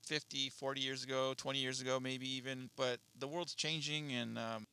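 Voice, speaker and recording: A man with a very bright, sharp voice rambles through a casual podcast chat. He hesitates often and swears freely, and the sound is close and dry. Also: mid-range voice, level tone, moderate pace, clean tone, no room sound. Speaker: podcast co-host.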